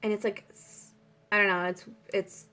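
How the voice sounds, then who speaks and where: A woman's voice: medium pitch, little pitch movement, moderate pace, bright, forceful tone. A young woman giving a casual spiritual tarot reading, rambling with many fillers. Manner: rambling, filler-heavy, breaks off to pray aloud. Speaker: tarot reader.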